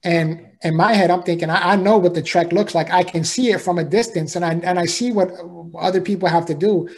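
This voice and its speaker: A man's voice: high-pitched, a little fast. A man, a podcast guest, telling an emotional personal story in an earnest, heartfelt way, often repeating himself and asking "right?".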